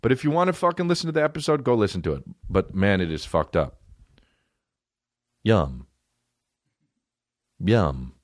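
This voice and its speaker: A man's voice: medium pitch, sing-song, quick pace, dry recording, clean studio sound. A man in his thirties hosting a podcast, telling a story in a profane, rambling comic monologue, with mock voices thrown in. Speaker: podcast host. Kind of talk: casual comedic monologue.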